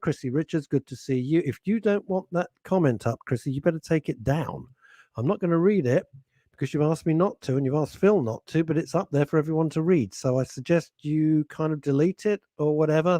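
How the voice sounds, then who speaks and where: A man's voice: a little high, a little mellow, no echo, clean studio sound. A man with an English accent hosting a radio show, joking and teasing his co-host and reading out listener comments in casual chat.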